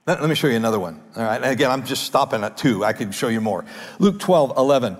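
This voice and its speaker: A male pastor preaching a sermon in a lively, conversational way, often restarting phrases, with a gravelly, husky voice. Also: medium pitch, fast, long reverb tail. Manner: animated, conversational preaching with repeated starts. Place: large church hall.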